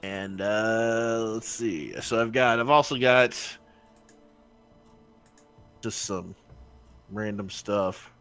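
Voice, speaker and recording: A man's voice: lowish voice, very slow, pauses often, a bit bright, clean tone, faint music behind. A man playing in an online tabletop game, casual and joking, with many fillers. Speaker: player. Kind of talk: casual tabletop play over voice chat.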